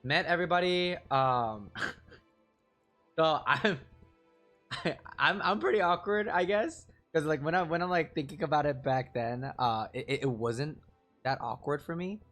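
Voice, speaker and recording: A little slow and somewhat bright, his fairly high voice drifts through a rambling, self-deprecating tale on a live stream. Fillers abound, he chuckles often between phrases, and faint music plays behind him.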